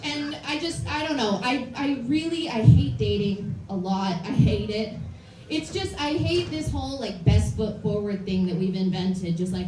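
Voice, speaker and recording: A woman's voice: a little high, very animated, measured pace, darkish tone. Woman, late twenties, stand-up comic, self-deprecating and blunt, far from the mic, noisy club. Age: late 20s. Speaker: stand-up comedian. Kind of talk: stand-up comedy set. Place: comedy club stage with live audience. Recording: distant, roomy, noisy club recording.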